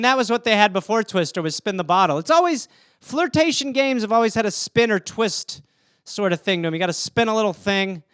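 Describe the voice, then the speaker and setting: A man's voice: high-pitched, fairly bright tone, clear, resonant tone, no room sound, studio quality. A man hosting a podcast solo, riffing comedically through listener topics and slipping into goofy character voices.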